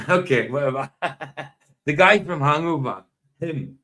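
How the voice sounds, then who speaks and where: A man's voice: fairly high pitch, lively intonation, a little slow, bright, forceful tone. A man hosting a live stream in casual, rambling chat, often chuckling and talking to himself.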